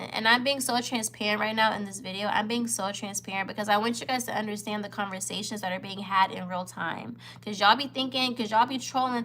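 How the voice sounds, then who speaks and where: A young woman in her twenties chats on camera in a casual storytime vlog. Her voice sits a little high and sounds bright and forceful. She talks candidly to her viewers and repeats herself for emphasis. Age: 20s. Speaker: vlogger.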